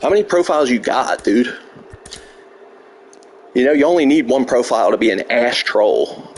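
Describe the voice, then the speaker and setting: A man live-streams a video game and trash-talks a troll in chat, mocking him with heavy profanity and sarcasm. His voice is medium-pitched and expressive, moving at a moderate pace over slight background noise.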